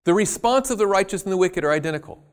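A man preaching a sermon, stressing key words loudly and then dropping to quiet asides. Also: high voice, expressive, fast talker, clean tone, faint music behind. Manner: emphatic, swinging between loud stresses and quiet asides.

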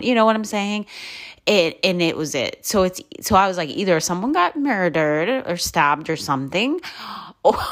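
Low-pitched woman, casual travel vlogger, rambling and filler-heavy. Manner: rambling, with many fillers and restarts; lively and chatty when retelling stories.

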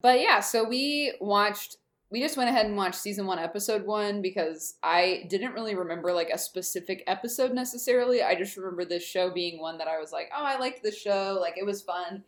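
A woman's voice: medium pitch, brisk. A woman casually recapping a kids' TV episode on a podcast, chatty with lots of fillers. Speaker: podcast co-host. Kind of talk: casual chat recapping a TV show.

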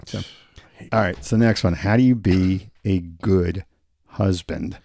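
Gravelly man quipping on a podcast. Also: sits low, mellow, dry recording, clean studio sound. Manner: quick, joking interjections and questions. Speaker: podcast co-host. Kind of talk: casual podcast chat.

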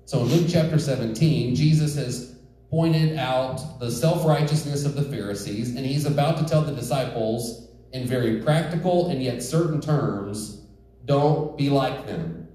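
A man's voice: medium pitch, moderate pace, dark tone. Echoey, earnest man preaching a sermon. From rural United States. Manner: earnest, emphatic, joking asides to the congregation. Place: church sanctuary. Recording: echoey church hall, distant mic.

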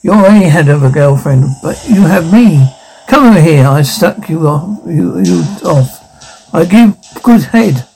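A man's voice: fairly high pitch, expressive, unhurried, gravelly, darkish tone, soft background music, poor audio. A man voicing a crude, gloating evil double of the hero who mocks and taunts. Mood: taunting. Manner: sneering, mocking taunts.

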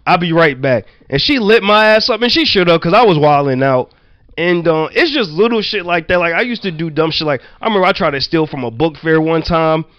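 A man from Virginia telling childhood stories in casual chat, loose and profane, full of "like" and quick laughs. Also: on the high side, animated, clean tone, no echo, dull audio. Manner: loose, profane, laughing anecdotes with many "like" fillers. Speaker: storyteller.

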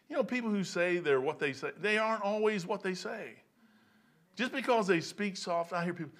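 An older man giving an informal sermon in a folksy, excitable way, breaking into loud outbursts. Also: fairly high pitch, brisk. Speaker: preacher.

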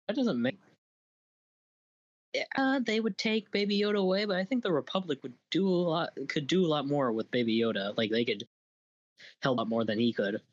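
Guy joking around on a podcast, pitch bouncing all over, dry dull lo-fi sound. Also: expressive, moderate pace, no echo. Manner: joking, laughs often, crude humor. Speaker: podcast co-host. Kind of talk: casual chat.

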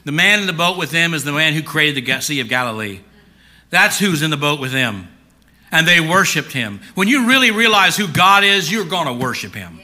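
A man preaching a sermon, swinging between loud emphatic lines and hushed near-whispers, and acting out a frightened Peter in the first person. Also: on the high side, very animated, fairly quick. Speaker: pastor.

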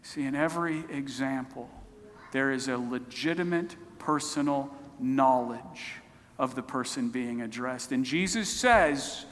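A man's voice: medium pitch, unhurried, a bit bright. A man preaching a sermon, retelling stories in a conversational, storytelling way. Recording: long hall reverb.

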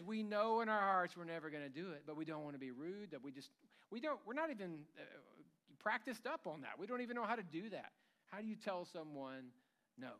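A man's voice: high-pitched, a bit bright. A man preaching a sermon in a church, conversational and humorous, acting out bits of everyday dialogue. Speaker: pastor.

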